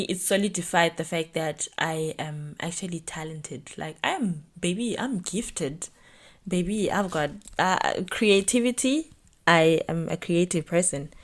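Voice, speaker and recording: A young woman talks through a solo podcast episode. Her voice sits a little low for a woman, and she rambles in a chatty, reflective way, filling her sentences with "like" and "you know". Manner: chatty, reflective, animated storytelling with lots of "like". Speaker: podcast host.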